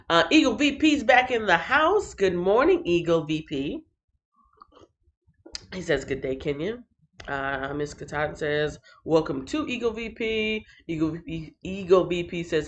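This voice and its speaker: A woman with a somewhat low voice chats over a phone livestream. She reads viewer comments aloud, breaks into playful sing-song, and recaps Bible chapters in a relaxed, joking way. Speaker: Bible reading livestream host.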